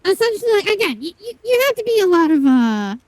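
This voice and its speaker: A woman's voice: extremely high pitch, big pitch swings, fast talker, slight background noise, low-quality recording. A young woman streaming a game, chatting casually with viewers in a rambling, sweary way full of fillers. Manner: rambling, swears a lot, many fillers and restarts, chats to viewers. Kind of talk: casual live-stream chat while gaming.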